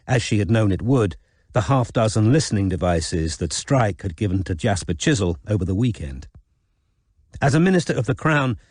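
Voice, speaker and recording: A male audiobook narrator reads in a measured, even way. His voice sits on the low side. The recording is close and dry, with no room sound. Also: no room sound. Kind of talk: scripted narration.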